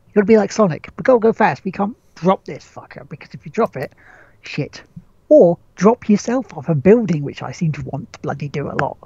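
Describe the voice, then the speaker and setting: Man, husky voice, rambling casual podcast chat, dull lo-fi dry recording. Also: sits high, expressive, a little fast, a little mellow, no echo. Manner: rambling, swears casually, frequent restarts and chuckles. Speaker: podcast host.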